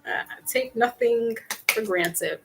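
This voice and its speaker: A woman's voice: on the high side, slow, gravelly, loud music behind the voice, rough recording. A middle-aged woman hosting a casual livestream chat, laughing often and acting out quotes in her stories. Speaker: livestream host. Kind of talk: casual chat with live viewers.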